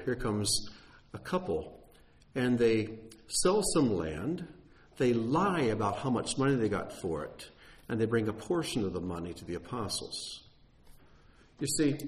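A middle-aged man preaches a sermon in an earnest, teaching tone, restarting phrases and lifting his pitch on key points. The recording quality is rough.

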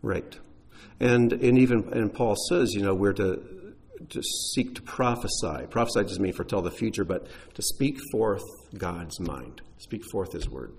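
A man's voice: on the low side, lively intonation, unhurried, a little mellow, a little hiss or hum. A man leading his congregation, a pastor answering questions in a casual, explanatory way with frequent restarts. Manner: conversational, explanatory, uses fillers and restarts.

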